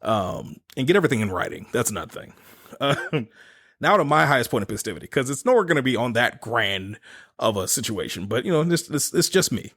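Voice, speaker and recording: A man's voice: mid-range voice, big pitch swings, fairly quick, fairly bright tone. A man in his thirties hosting a podcast, telling stories casually, swearing freely and laughing between phrases. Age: 30s. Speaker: podcast host. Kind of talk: casual storytelling chat.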